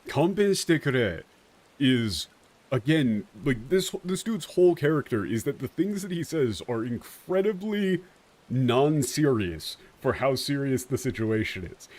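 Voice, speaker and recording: Animated, swearing young male streamer. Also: medium pitch. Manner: animated, profane, many fillers. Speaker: streamer explaining translations. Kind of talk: casual game commentary.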